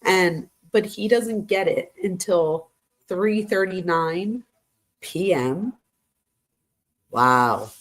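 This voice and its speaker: A woman's voice: on the low side, animated, very slow, long pauses. A woman hosting a true crime live stream, reading texts aloud and reacting to them in a chatty way, talking straight to her viewers. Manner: chatty, addresses viewers as "you guys", gasps and exclaims.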